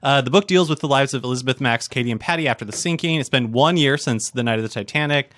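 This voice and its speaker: A man appearing as a guest on a comedy book podcast, chatting casually and summarizing a plot in a wry, deadpan way. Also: medium pitch, fast.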